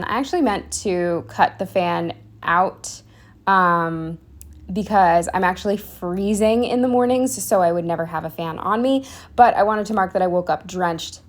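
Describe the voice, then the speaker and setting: A young woman narrating a planner video in a casual, rambling way, with fillers, restarts and self-deprecating asides, a bit out of breath. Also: fairly low pitch. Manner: drops to a whisper for asides. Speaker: planner vlogger. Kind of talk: casual voiceover.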